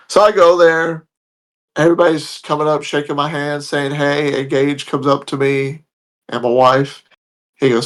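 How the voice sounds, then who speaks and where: A man's voice: a little high, normal speed, a bit bright. A man telling a story in a casual, blunt, heated way, swearing freely. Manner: blunt, profane, heated retelling. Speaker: podcast guest telling a story.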